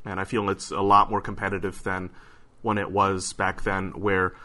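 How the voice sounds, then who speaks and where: A man being interviewed in a relaxed podcast conversation, his voice bright and forceful. He sits slightly low in pitch and talks hesitantly, full of fillers and false starts. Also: moderate pace. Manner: hesitant, lots of fillers and restarts. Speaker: interview guest. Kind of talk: casual podcast chat.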